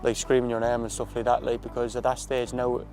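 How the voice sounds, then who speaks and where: A man's voice: mid-range voice, monotone, fast, darkish tone, faint music behind. A man with an Irish accent, a footballer telling stories in a casual interview, full of fillers and restarts. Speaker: footballer, guest.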